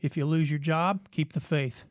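A man preaching a broadcast sermon, with rhythmic repetition, dramatic pauses and swings between loud and hushed delivery. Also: on the high side, fairly even intonation, no echo, clean studio sound. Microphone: broadcast mic.

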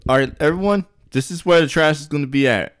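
A man's voice: on the high side, quick pace, smooth. A man hosting a comedy podcast, joking and swearing as he tells stories. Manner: joking, profane, animated storytelling. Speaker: podcast host. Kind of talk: casual comedic chat.

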